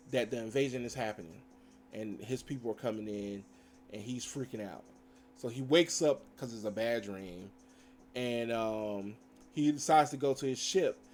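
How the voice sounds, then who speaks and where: A man with a medium pitch and a slightly dark tone reviews cartoon episodes in a relaxed, meandering recap. He acts out quotes from the scenes and uses fillers often.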